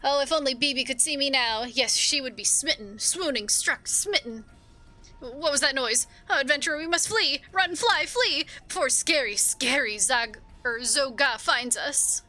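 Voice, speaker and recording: A woman's voice: high voice, animated, normal speed, bright, forceful tone, faint music behind, voice pushed up. A woman voicing a fussy, boastful little male foreman who piles up synonyms as he talks. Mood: frantic. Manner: repeats himself in breathless strings of synonyms.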